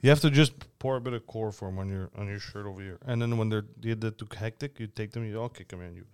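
Brief: man, podcast regular, mid pitch, rapid joking asides, crisp and dry. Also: steady tone, darkish tone, no room sound. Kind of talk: casual podcast chat.

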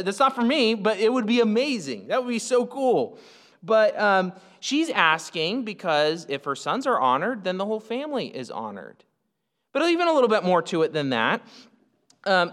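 A man's voice: sits high, a bit bright. A man preaching a sermon from the United States in a casual, conversational way, with asides and fillers. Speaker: pastor. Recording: long hall reverb.

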